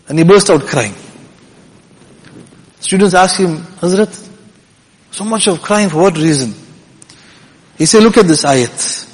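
High-voiced man preaching in a reverberant hall. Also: normal speed, pauses often. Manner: earnest, repetitive, mixes Arabic and English. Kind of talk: Islamic sermon.

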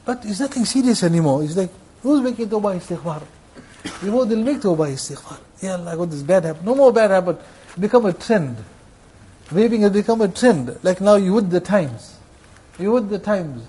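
A man's voice: high-pitched, expressive, moderate pace, mellow, breathy edge. A man preaching a sermon to his brothers, repeating phrases for emphasis.

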